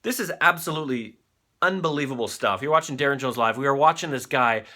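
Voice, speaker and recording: A man hosting a live online show, reacting excitedly to viral videos with frequent fillers and swearing. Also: medium pitch, quick pace.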